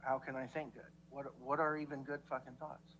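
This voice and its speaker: A man's flat, medium-pitched voice, a bit bright and a little fast, comes through a low-quality recording with slight background noise. The livestreamer, heard in played clips, goes on a rambling profane rant, stumbling over restarts and swearing heavily while philosophizing to his viewers.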